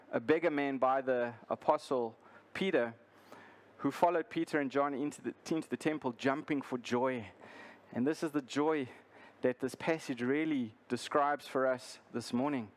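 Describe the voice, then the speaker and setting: A pastor reading scripture, praying and preaching a sermon in an earnest way, with restarts and fillers. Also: male voice, medium pitch, normal speed.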